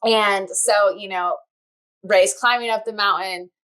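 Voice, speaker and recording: A woman guest on a podcast, a comics editor chatting casually and telling stories in an animated way. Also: mid-range voice, measured pace, poor audio.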